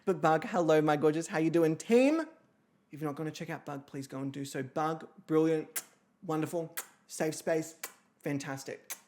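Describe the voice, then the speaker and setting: A woman's voice: low voice, normal speed, mellow. A woman hosting a livestream, chatting casually and rambling, with frequent swearing. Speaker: streamer and host.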